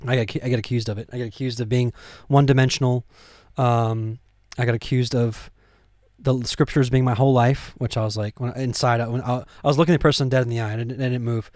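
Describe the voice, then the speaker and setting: A man leading a casual Bible study, talking conversationally with many fillers and restarts, and getting excited at times. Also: mid-range voice, fast, dry recording, studio quality.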